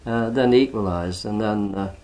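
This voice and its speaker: Low-voiced older man chatting about football. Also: moderate pace, darkish tone, slight background noise. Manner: chatty, peppered with "you know". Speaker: retired footballer. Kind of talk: reminiscing oral history.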